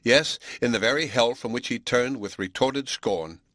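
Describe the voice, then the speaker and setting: A man's voice: medium pitch, moderate pace, a bit bright, no room sound, clean studio sound, natural voice. A man voicing a proud, spirited young Swiss woman teacher in an audiobook, speaking earnestly and defiantly.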